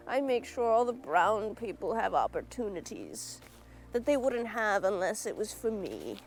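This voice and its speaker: Smug British-accented savior woman, put on by a woman vlogger: condescending, preening, slow and self-satisfied, light music beneath. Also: mid-range voice, darkish tone.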